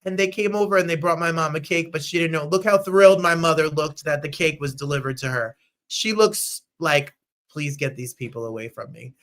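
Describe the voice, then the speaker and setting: A fairly quick-talking host in his thirties from New Jersey leads an upbeat live-stream chat show. Gushing and bubbly, he periodically bursts into falsetto squeals and fragments of song.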